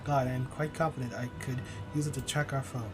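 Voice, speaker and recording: A man's voice: medium pitch, flat delivery, fast talker, close to an everyday voice. A man voicing a jovial, self-assured airship engineer who trips over some words, with game music behind. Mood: confident.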